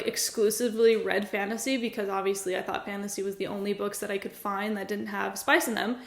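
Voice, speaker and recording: A young woman with a fairly high voice chats earnestly about books she loved, gushing and laughing easily. Her voice rings in an echoey room at home. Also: fairly bright tone. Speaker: book vlogger. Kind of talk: casual book review chat.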